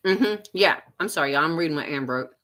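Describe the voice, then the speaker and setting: A woman, hosting a casual livestream, chatting and reading viewer comments with frequent laughs and animated teasing. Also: a little fast. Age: 50s. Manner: chatty and animated, laughs often, big swings up in pitch when teasing viewers. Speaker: homesteading livestream host.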